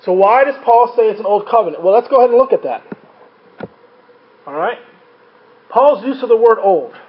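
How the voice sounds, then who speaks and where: A high-voiced man leads a Bible study, reading passages and pausing to ask his listeners whether they follow. The recording is muffled and lo-fi. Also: expressive, slight background noise. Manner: frequent rhetorical checks like "right?". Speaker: Bible teacher. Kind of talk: teaching a Bible study class.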